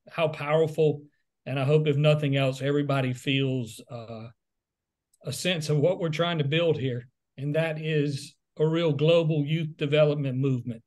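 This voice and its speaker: A middle-aged man speaks over a video call in a rather high, flat voice, thanking people one after another. He rambles a little and stumbles over repeated words, in a casual, grateful way. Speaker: CEO closing a webcast.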